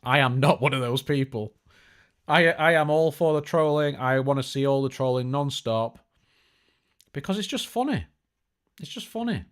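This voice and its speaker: A man's voice: medium pitch, expressive, moderate pace, long pauses. Male tech streamer, chatty and jokey, mid-range voice, loose unscripted delivery. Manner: chatty, joking, lots of fillers and restarts. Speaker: tech show host. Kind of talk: casual live-stream chat.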